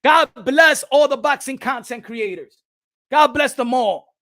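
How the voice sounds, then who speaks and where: Shouting, sharp-voiced male boxing vlogger. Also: extremely high pitch, unhurried, no echo, clean studio sound. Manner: loud, shouting, profane, mixes English and Spanish. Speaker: boxing commentary channel host. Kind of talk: ranting video commentary.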